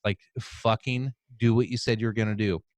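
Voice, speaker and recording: A low-voiced man ranting on a podcast, heated and profane, swearing as he builds up steam. His voice sits dry and close, with no room sound around it. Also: steady tone, moderate pace, no echo. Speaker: podcast co-host. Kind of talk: casual political chat.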